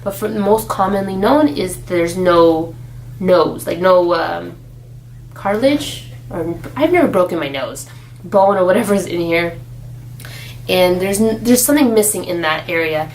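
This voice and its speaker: A young woman vlogging about her pregnancy in a chatty, animated way, acting out the people she quotes. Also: on the low side, slight background noise, rough recording. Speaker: expectant mother vlogger. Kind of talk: casual chat.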